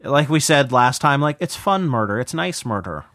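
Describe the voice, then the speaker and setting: A man's voice: medium pitch, animated, normal speed, fairly bright tone, dry recording. A man with a mid-range voice co-hosts a podcast, talking in an easygoing, hesitant way with lots of fillers. The sound is dry and close, with no room around it. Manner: laid-back, hesitant with many fillers. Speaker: podcast co-host. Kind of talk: casual chat.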